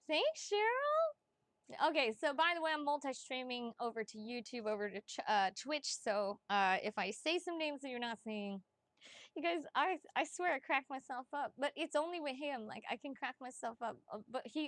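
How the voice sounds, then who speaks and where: A woman with a high voice chats her way through a psychic reading livestream, bubbly and prone to giggling between quick asides. Her voice sits close and dry on the mic at home, with no room sound around it. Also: a bit bright, no room sound. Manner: bubbly and giggly, chatty, talks fast with asides. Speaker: psychic reader, livestream host. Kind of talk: casual livestream chat.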